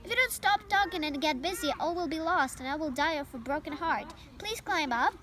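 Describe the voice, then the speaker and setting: An earnest, excitable young pig from a storybook who pleads and cries out, voiced by a young woman. The voice jumps high when he gets frantic. A clear background hiss sits under it. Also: a little fast. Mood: pleading.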